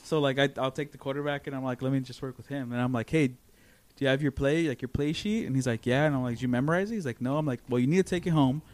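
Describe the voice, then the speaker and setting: A man chatting casually on a podcast as a guest, an excitable storyteller who swears freely and acts out other people's lines. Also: mid-range voice, fast. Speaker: guest, former podcast host.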